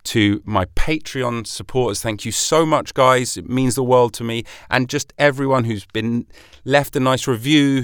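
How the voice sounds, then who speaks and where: A British man with a middle-pitched voice holds forth on his solo podcast, chatty and opinionated and full of rhetorical questions. The sound is dry and close to the mic, with no room around it. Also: a bit bright, smooth, no echo. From Britain. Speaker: podcast host.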